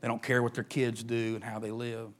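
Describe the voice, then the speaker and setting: A middle-aged man, preaching a sermon as pastor, swinging between emphatic rises and hushed near-whispers. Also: medium pitch, completely flat delivery, fairly quick, slight background noise.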